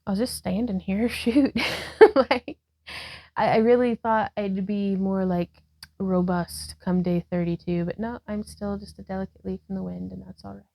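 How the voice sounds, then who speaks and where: A woman with a creaky mid-range voice speaks at a normal pace as she leads yoga at home beside a wall, cueing breaths and poses. Out of breath at times, she laughs at herself and chats casually between cues, mixing in self-talk. There's no room sound, and the recording is rough.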